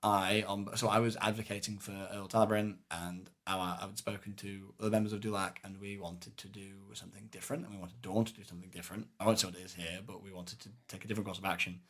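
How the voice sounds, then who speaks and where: Casting: deep-voiced guy, podcast co-host, loose rambling recap with lots of ums. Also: fast, few pauses. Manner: rambling, many fillers, animated retelling. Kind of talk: casual chat recapping a live-action game event.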